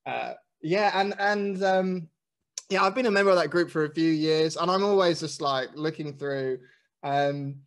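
A man's voice: on the high side, normal speed. A man from England with a slight London accent, a podcast guest who answers hesitantly with lots of ums and restarts. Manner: hesitant, many fillers. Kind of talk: casual interview chat.

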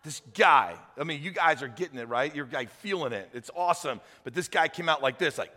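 Guy preaching a sermon, high voice, acts out the story, shouts then goes quiet. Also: brisk, big-room sound. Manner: animated storytelling with acted voices, shouting peaks, hushed closing appeals. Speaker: pastor. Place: church hall.

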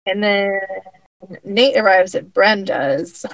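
A woman's voice: mid-range voice, takes it slowly, dry recording, poor audio. Woman chatting about a show, acts out the lines, super dry sound, no room at all. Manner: animated retelling with acted-out quotes and laughs. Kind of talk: casual chat recapping a TV show.

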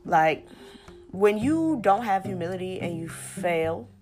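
A woman's voice: mid-range voice, animated, takes it slowly, a little mellow. A young woman in her twenties hosting a podcast, talking candidly and emphatically in slangy casual speech, repeating points for weight. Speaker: podcast host. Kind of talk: casual monologue. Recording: music playing underneath.

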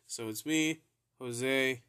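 A man's voice: medium pitch, slow, bright, forceful tone, clear, resonant tone. A young man hosting a podcast, telling a story in a laid-back, profane way and laughing often as he goes. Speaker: podcast host. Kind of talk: casual storytelling.

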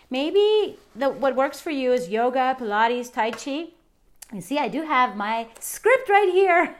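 A middle-aged woman hosting a fitness podcast, talking casually and cheerfully straight to her listeners. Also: sits high. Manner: chatty, upbeat, addresses listeners directly. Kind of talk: casual wellness talk.

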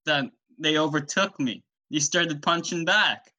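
A young man hosting a podcast solo, telling an absurd story in a rambling, deadpan way. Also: a little high, measured pace. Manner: rambling, deadpan, self-interviewing.

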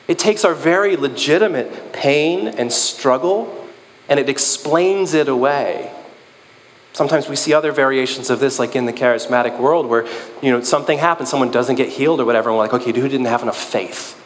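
A man preaching a sermon in a conversational, joking, animated way. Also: on the high side, normal speed, big-room sound, a little hiss or hum.

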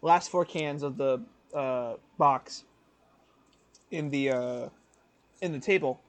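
Speaking slowly in a medium-pitched voice, a young man in his twenties co-hosts a casual podcast and tells a story. His rambling is full of fillers, he keeps correcting himself, and he often laughs mid-sentence.

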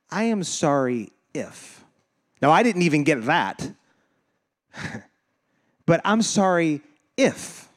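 A man preaching a sermon as pastor, talking casually and animatedly, joking and laughing with his congregation, and acting out quoted voices. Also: mid-range voice.

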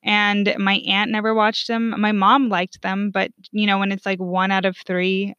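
A woman's voice: mid-range voice, flat delivery, normal speed, fairly bright tone, smooth. A young woman shares a personal story in a blunt, casual way, dropping curse words and filling gaps with "like." The recording is dull and lo-fi, with a dry, close sound and no room echo. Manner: frank, profane, heavy on "like" fillers.

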